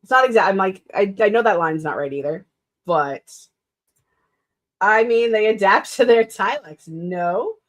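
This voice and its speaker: A woman's voice: medium pitch, lively intonation, measured pace. A woman author chatting casually on a writing stream, rambling with many fillers and self-corrections, laughing often. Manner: laughs often between sentences. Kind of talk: casual chat.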